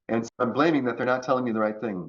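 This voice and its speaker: A man talking as a podcast guest about choice and resilience, acting out quoted voices in an animated way. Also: mid-range voice, lo-fi sound. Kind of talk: conversational coaching talk.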